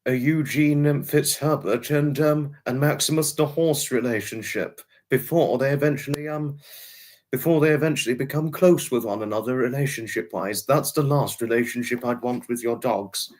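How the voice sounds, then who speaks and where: A man's voice: medium pitch, moderate pace, a little hiss or hum. A man hosting a casual livestream, rambling chattily and greeting viewers by name. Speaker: livestream host.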